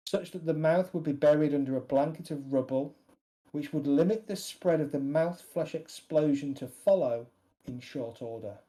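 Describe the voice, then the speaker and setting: A man voicing a calm, matter-of-fact man who plans to blow up a monster, speaking flatly and without emotion. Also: on the high side, lightly acted, poor audio. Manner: flat, unemotional, deliberate.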